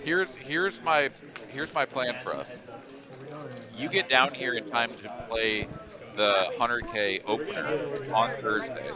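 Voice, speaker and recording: A man calling a live poker game, chatting loosely and circling his thoughts with plenty of fillers. His voice sits at an ordinary middle pitch. Crowd chatter carries underneath. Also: expressive, slow. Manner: rambling, thinks aloud with many fillers. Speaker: poker commentator. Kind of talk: live poker commentary, casual banter.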